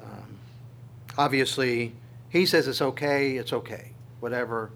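A man's voice: mid-range voice, fairly even intonation, measured pace, creaky, a bit bright, a little hiss or hum. A male pastor preaching a sermon, reading scripture aloud with his own commentary and asking the congregation rhetorical questions.

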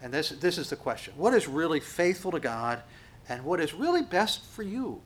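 A man's voice: on the high side, big pitch swings, normal speed. A male pastor preaching a sermon, stressing key words and asking rhetorical questions. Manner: rising and falling emphasis, rhetorical questions.

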